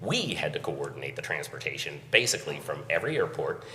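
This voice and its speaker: A very deep-voiced man recounts an event at a conference in a relaxed way. He sounds far from the mic in a hall with a long reverb. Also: fast. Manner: conversational, recounting with chuckles. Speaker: event organizer. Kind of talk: conference talk storytelling. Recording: echoey hall, voice from afar.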